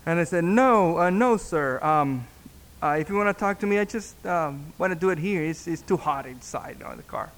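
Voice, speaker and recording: A man, a pastor, telling a story in a sermon, halting and repeating words as he acts out the dialogue. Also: fairly high pitch, fairly bright tone. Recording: long reverb in a hall.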